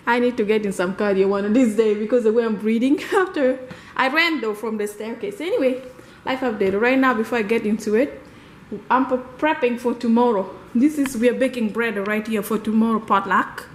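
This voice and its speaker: A woman's voice: a little high, fairly quick, a little hiss or hum. A woman talking casually through a life-update vlog at home in her kitchen, rambling and laughing often. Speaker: vlogger.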